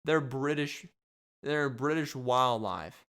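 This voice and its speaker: A man's voice: mid-range voice, slow, fairly bright tone. A man hosting a solo comedic podcast, rambling and joking, repeating himself as he riffs. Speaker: podcast host.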